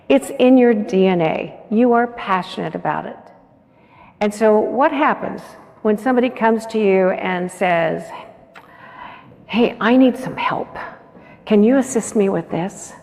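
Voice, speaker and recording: In an echoing conference hall, a keynote speaker with a creaky, mid-range voice urges her audience on with earnest, coaxing motivation. She regularly turns questions out to the crowd.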